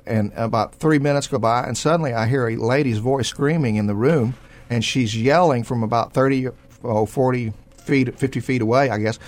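A man on a Christian talk program recounts a miracle at length, pausing on "uh" and "um" and clearing his throat now and then. His voice sits at an ordinary middle pitch. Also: a little mellow. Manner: rambling storyteller with many fillers and throat clearing. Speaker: sculptor and show regular. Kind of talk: testimony in a Christian talk show.

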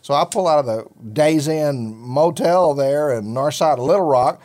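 A man's voice: a little high, moderate pace, darkish tone. A middle-aged man hosting a ministry talk show, telling a personal faith story in a folksy, rambling way with many fillers. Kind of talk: casual storytelling chat.

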